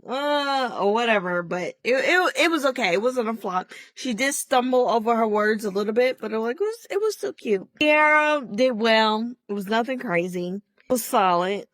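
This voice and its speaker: Woman podcaster riffing on a tv show, opinionated and animated, kinda high voice. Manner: chatty, opinionated, animated, lots of restarts and asides. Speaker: podcast host reviewing a TV show. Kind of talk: casual solo review chat.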